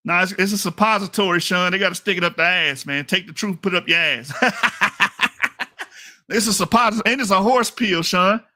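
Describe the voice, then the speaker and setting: Speaking into a microphone, this online commentator from the United States has a high-pitched, brisk, bright and forceful voice. His commentary is a heated, profane rant, full of repeated points and laughter at his own jokes.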